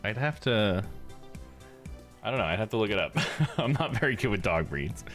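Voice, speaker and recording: A man's voice: fairly low pitch, very animated, normal speed, fairly bright tone, faint music behind. A man streaming a game live, chatting in a laid-back way, laughing and talking to his dog. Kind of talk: live game playthrough with read-aloud dialogue.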